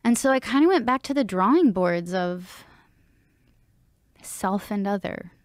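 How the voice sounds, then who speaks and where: A woman's voice: medium pitch, animated, measured pace, no echo, clean studio sound. A woman, a singer-songwriter and interview guest, talking frankly and reflectively with casual swearing and frequent laughs. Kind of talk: candid emotional interview.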